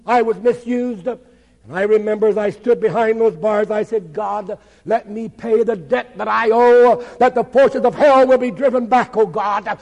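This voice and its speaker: A man's voice: very high voice, a little mellow, long reverb tail, low-quality recording. A man, a pastor, giving an impassioned testimony sermon with dramatic storytelling.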